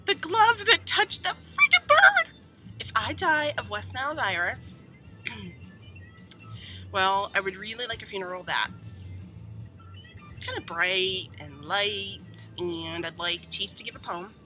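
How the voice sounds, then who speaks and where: A woman's voice: medium pitch, slow, long pauses, pushed and bright, soft background music. A woman vlogging outdoors to her camera in a casual chat, swearing, squealing and laughing nervously.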